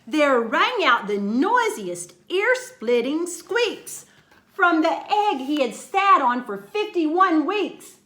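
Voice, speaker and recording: Brief: high, lively woman storyteller, slow and bright, reading rhymes in a roomy space. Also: slight background noise. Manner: expressive, sing-song rhyming delivery. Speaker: children's storyteller. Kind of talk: reading a picture book aloud. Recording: roomy echo.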